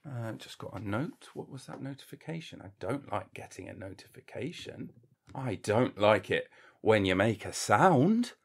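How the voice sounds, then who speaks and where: A man's voice: lowish voice, big pitch swings, normal speed, gravelly, breathy edge. A man hosting a podcast in a casual comedic monologue, rambling and jokey, swearing freely and acting mock-indignant. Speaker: podcast host.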